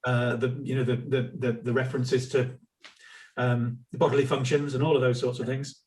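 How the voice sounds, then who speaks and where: Distant-sounding interview host on a call. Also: male voice, mid-range voice, level tone, normal speed, a little mellow. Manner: encouraging, stumbling restarts. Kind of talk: casual video-call interview.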